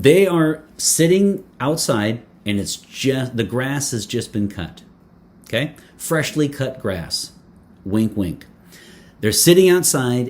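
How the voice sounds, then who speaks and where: A man's voice: medium pitch, a little mellow. A man reviewing a fragrance in casual talk to camera, playful and chatty, with many fillers, restarts and joking asides.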